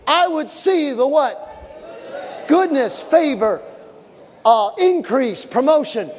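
A man preaching a sermon with fervent shouting and call-and-response to the congregation, recorded in a large church hall. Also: very high voice. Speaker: pastor. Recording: echoey hall with live congregation.

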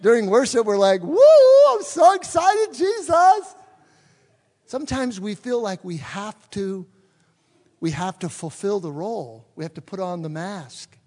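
A man's voice: high-pitched, normal speed, a little mellow. A man preaching a sermon as pastor in a church, talking conversationally and putting questions to the congregation. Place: church sanctuary. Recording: long reverb of a large hall.

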